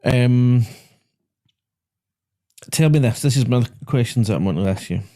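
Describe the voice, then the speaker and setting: A Scottish man hosting a podcast in a small studio, chatting casually with a guest. He tells anecdotes in a relaxed, mid-range voice and laughs at his own stories. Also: mid-range voice, measured pace. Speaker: podcast host and driving instructor. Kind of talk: casual chat.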